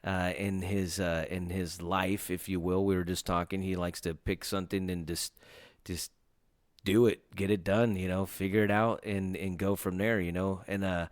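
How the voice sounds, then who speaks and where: A man's voice: low-pitched, level tone, normal speed, no room sound, studio quality. A man hosting a casual podcast, rambling loosely with lots of hesitations. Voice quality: rambling, lots of fillers and restarts. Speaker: podcast host.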